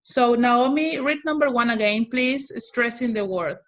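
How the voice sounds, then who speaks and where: A woman's voice: a little high, a little slow. A woman English teacher running an online class over a video call, patiently calling on students by name.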